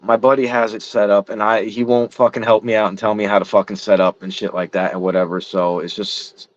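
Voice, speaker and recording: A man's voice: on the low side, level tone, fast. A middle-aged man in casual chat, frustrated and rambling, swearing heavily. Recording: dull lo-fi sound.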